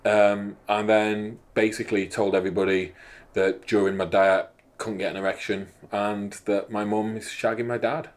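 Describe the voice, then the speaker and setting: A man in his thirties co-hosting a laid-back fitness chat. He rambles, swears freely and pokes fun at himself. His voice sits a touch low. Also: level tone, normal speed. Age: 30s. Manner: rambling, sweary, self-mocking. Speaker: podcast co-host. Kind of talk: casual banter.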